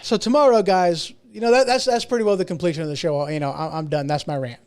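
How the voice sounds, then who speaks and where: A man's voice: high-pitched, steady tone, fast, a little mellow, smooth. A middle-aged man hosting a podcast, ranting casually on his own, rambling and restarting his sentences with self-mocking asides. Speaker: podcast host. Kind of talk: casual solo rant.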